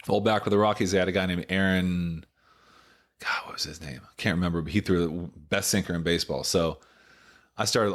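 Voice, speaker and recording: Deep-voiced man telling a rambling story. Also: a bit bright. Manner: rambling, filler-heavy retelling full of "like" and "you know". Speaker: former baseball pitcher, podcast guest. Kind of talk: casual storytelling interview.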